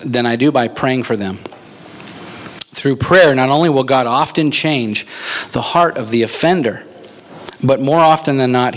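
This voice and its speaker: A man preaching a sermon, telling a story with lively energy and laughing at his own jokes before reading scripture. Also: mid-range voice. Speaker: pastor.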